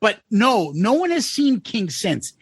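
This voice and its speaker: A man with a husky, high voice tells rowdy stories on a casual podcast. He is animated and profane and laughs often. His pitch jumps all over, and the sound is dry and close. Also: a little slow, dry recording. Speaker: podcast co-host.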